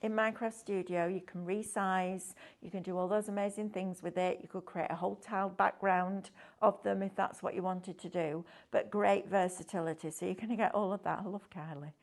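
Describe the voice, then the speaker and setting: A woman's voice: medium pitch, fairly even intonation, a little fast. A woman presenting a craft shopping show, upbeat and enthusiastic, chatting and asking tag questions as she demonstrates products. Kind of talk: chatty live sales demonstration.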